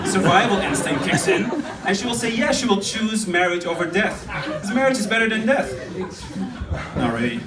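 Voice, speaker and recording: A young man does a stand-up set on a club stage, rambling and chatty and laughing at his own jokes. His voice sits high with a sing-song lilt at a moderate pace. It's recorded from a distance in a roomy club, with crowd noise.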